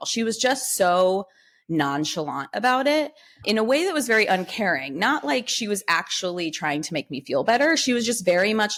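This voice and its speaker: A woman in her thirties, a podcast guest, telling a personal story in casual conversation and acting out the people she quotes. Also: moderate pace. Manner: animated, acts out quoted dialogue with lifted pitch.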